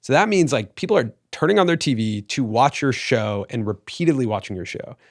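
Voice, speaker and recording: Man in his 30s, interview host, measured questions, middle pitch, dry room. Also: animated, no room sound. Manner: thoughtful, frames questions with stats, restarts.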